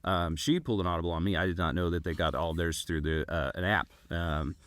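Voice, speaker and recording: A man's voice: low voice, a little fast, a bit bright, no room sound. A man co-hosting a podcast, telling stories in casual chat with many restarts and fillers. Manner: rambling storytelling with many restarts. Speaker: podcast co-host.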